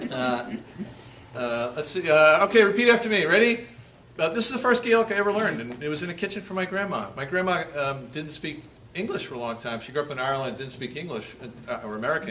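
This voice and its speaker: A man giving a humorous storytelling talk to a live audience. He laughs often and repeats words as he restarts his sentences. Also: on the high side. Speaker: author giving a public talk. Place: senior center hall with an audience. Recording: echoey hall, loud audience laughter and noise.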